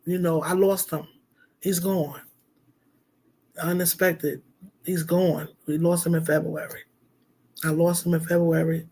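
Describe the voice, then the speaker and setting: A man's voice: a little high, flat delivery, unhurried, pauses often, darkish tone, breathy edge. A middle-aged man, a minister, talking heartfelt and rambling on a casual livestream, with lots of fillers.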